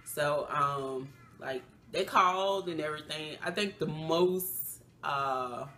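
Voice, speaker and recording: Low-voiced woman. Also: slow pace, a little hiss or hum. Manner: emotional, animated retelling with acted quotes; loose, chatty, many fillers. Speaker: vlogger. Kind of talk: casual storytime.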